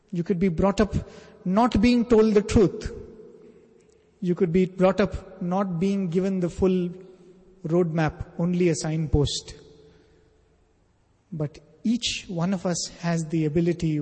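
A man's voice: sits high, a little slow, warm tone, husky. Earnest male preacher in a reverberant hall. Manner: earnest, emphatic, builds phrases in lists. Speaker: spiritual teacher. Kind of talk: sermon with storytelling.

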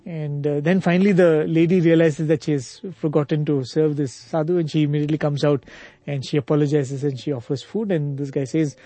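Man, casual storyteller, halting with fillers and chuckles, warm low-brightness tone, dry mic. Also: steady tone, no echo. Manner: hesitant, many fillers, chuckles while telling. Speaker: storyteller in a spiritual discussion.

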